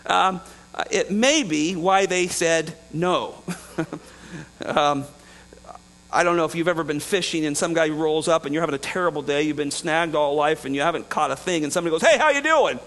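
Pastor, male, light high voice, chatty preaching with chuckles and acted-out dialogue, slight mains hum. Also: fairly even intonation, moderate pace, pauses often, fairly bright tone, rough recording. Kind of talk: sermon.

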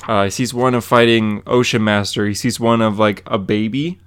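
A man with a fairly low voice recaps a comic book issue in a loose, casual chat. He rambles along with plenty of ums and likes, acting out the characters' lines as he goes. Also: steady tone, normal speed, smooth. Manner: rambling, lots of fillers and quoted dialogue. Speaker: podcast co-host.

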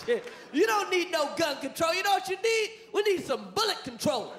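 A male stand-up comedian with an emphatic delivery, shouting and repeating his punchlines on stage before a live audience. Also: extremely high pitch, sing-song, moderate pace, roomy sound. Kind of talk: stand-up routine. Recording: noisy live show recording with loud crowd.

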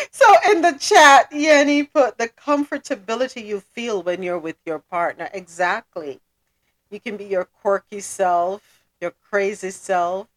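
A woman hosts a casual podcast conversation, her pitch swinging widely as she talks. She speaks slowly and often breaks into laughter. Her tone stays thoughtful. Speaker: podcast host.

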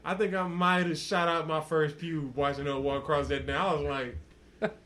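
A man tells a crude story in casual podcast talk. He swears constantly and breaks into laughter as he goes. His voice sits a little higher than most men's. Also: fairly even intonation, normal speed, fairly bright tone, a little hiss or hum. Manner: profane, laughing often while telling a story. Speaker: podcast host.

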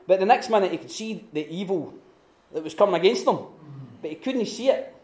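A man giving an informal teaching talk at a retreat, telling stories with lively restarts and acted-out quotes. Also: sits high, fairly quick. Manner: animated storytelling with many restarts and acted-out quotes. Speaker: retreat speaker. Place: room at a retreat. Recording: echoey room.

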